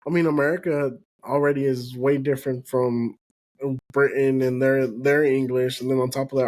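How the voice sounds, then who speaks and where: A man's voice: medium pitch, a little mellow. A man hosting a casual podcast interview, agreeing often and laughing along with his guest. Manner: affirming, frequent "mm-hmm" and laughs. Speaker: podcast host.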